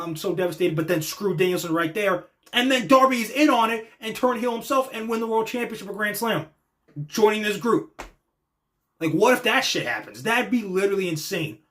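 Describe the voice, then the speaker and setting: Young male podcast host, fairly high voice, animated, swears, acts out quotes. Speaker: podcast host reacting to wrestling. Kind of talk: excited casual reaction monologue.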